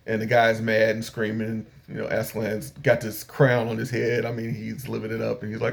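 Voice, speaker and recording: A man's voice: on the low side, level tone, brisk, vocal fry, few pauses. An older man casually recapping an anime episode, rambling along with frequent fillers. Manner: rambling retelling with frequent fillers and acted-out paraphrases. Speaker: anime reviewer.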